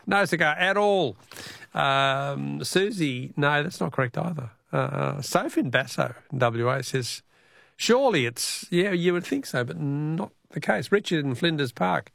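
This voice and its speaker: A man's voice: fairly high pitch, unhurried, vocal fry, hardly any pauses, fairly bright tone, no echo, clean studio sound. A middle-aged Australian man hosting a radio call-in quiz, jovial and chuckling as he repeats the question.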